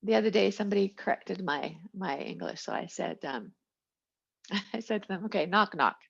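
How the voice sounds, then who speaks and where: Female instructor, chatty lecture delivery, husky voice, dull lo-fi recording. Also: mid-range voice, moderate pace. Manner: chatty, digressive lecturing with asides and jokes. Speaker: biology instructor. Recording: lo-fi, muffled recording.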